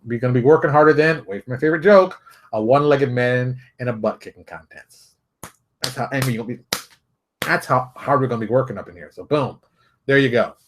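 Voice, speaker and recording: A man's voice: mid-range voice, fairly quick, a little hiss or hum. A man hosting his own solo show, talking in a brash, joking and self-mocking way. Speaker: show host. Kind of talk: solo livestream talk.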